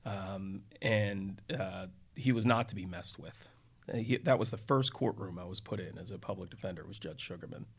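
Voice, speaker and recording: A man's voice: sits low, normal speed, slightly rough. A man, a defense attorney co-hosting a podcast, telling stories in a rambling way with many restarts and asides. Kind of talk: casual storytelling podcast talk.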